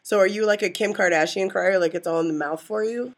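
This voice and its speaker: A woman's voice: medium pitch, quick pace. A woman co-hosting a podcast in casual chat, rambling and teasing, often laughing. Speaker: podcast co-host.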